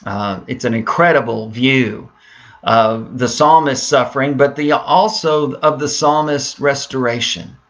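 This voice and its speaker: A man's voice: medium pitch, a little slow, a bit bright. A male pastor preaching a sermon, reading scripture aloud with rising emphasis between plain, hesitant explanation. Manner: hesitant fillers, repeats words.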